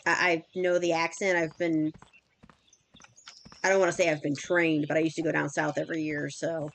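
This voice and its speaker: A woman's voice: low-pitched, level tone, normal speed, vocal fry. A woman in her thirties chatting casually and rambling with fillers while streaming a game. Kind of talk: casual chat while gaming.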